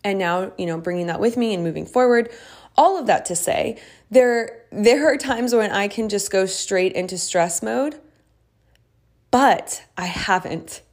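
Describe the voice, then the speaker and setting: A woman's voice: mid-range voice, measured pace, darkish tone. A young woman hosting a casual solo podcast as a coach, talking in a chatty, reflective way with many fillers and restarts.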